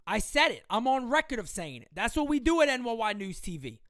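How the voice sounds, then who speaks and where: A woman's voice: fairly high pitch, big pitch swings, fairly quick, a bit bright, dry recording, studio quality. A woman in her thirties hosting a sports livestream, ranting heatedly with profanity and repeating her points for emphasis. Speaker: livestream host. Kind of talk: sports fan rant on a livestream.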